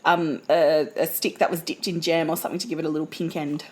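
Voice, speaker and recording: A woman, co-hosting a podcast in casual, joking chat. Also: sits low. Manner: joking, animated, quick with banter. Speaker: podcast co-host.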